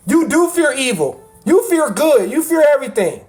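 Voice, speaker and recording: A man talking casually to his livestream chat in animated, laughing, sermon-like rants. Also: very high voice, normal speed, soft background music.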